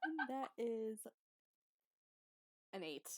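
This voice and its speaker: A woman's voice: on the high side, sing-song, extremely slow, dry recording. A woman playing in a casual tabletop role-play, easygoing and laughing often. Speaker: player.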